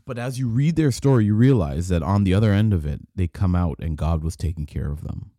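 Low, dark-voiced male podcast host. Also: lively intonation, brisk, no echo, clean studio sound. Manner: rambling and conversational, with frequent restarts and repeated words. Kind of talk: casual solo podcast talk.

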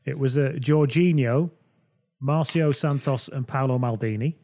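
A man hosting a podcast, chatting about football in a relaxed, rambling way and often correcting himself mid-sentence. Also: mid-range voice, unhurried, slight background noise. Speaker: podcast host. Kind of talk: casual football chat.

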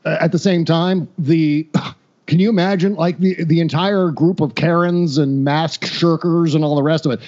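A man's voice: a little high, fairly even intonation, normal speed, a little mellow, dull audio. A man talking as a podcast guest in casual political chat, wry and rambling, often restarting and laughing.

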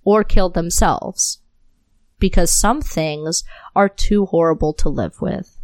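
A woman hosts a solo podcast and rants into her new mic, furious and unfiltered, with curses scattered all through her talk. Her voice sits on the low side for a woman, and the recording is dry and close. She speaks fervently and directly. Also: takes it slowly, darkish tone, dry recording. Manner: angry, profane, impassioned. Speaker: podcast host.

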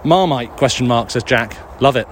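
A man's voice: medium pitch, moderate pace, slight background noise. Breathless man chatting on a walk. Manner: sweary, self-mocking, rambling with laughs. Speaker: podcast host answering listener questions. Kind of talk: casual chat while walking outdoors. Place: woods outdoors, walking a dog.

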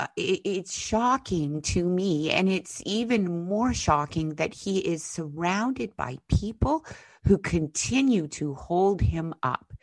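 A woman's voice: lowish voice, no room sound. A woman co-hosting a political podcast, speaking with raw anger and blunt swearing about her province. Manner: angry, emphatic, swearing. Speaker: podcast co-host. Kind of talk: impassioned political commentary.

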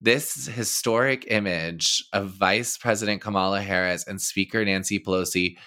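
A man's voice: fairly low pitch, normal speed, bright, forceful tone. A man co-hosting a podcast, sarcastic and often laughing as he reads out quotes in casual banter. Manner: sarcastic, laughs while reading quotes aloud. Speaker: podcast co-host.

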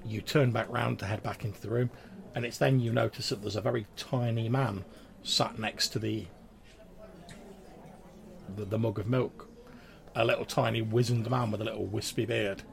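Gravelly-voiced male game master. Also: fairly low pitch, fairly even intonation, moderate pace, pauses often, a little hiss or hum. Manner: casual, rambling, many fillers. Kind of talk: narrating a tabletop game.

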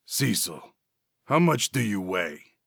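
A man voicing a short stocky thug with a grating, rumbling voice, quiet and menacing. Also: big pitch swings, takes it slowly, creaky, breathy edge, no room sound, clean studio sound, full character voice.

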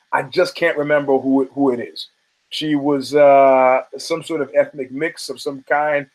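Male podcast host, fairly high voice, loose and profane, acts out the people in his stories. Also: low-quality recording. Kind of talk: profane storytelling monologue.

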